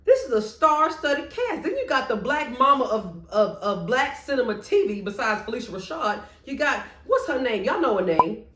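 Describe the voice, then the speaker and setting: A woman vlogger ranking her favorite movies in casual chat, expressive, with playful asides. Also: high-pitched, normal speed, few pauses. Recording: echoey room.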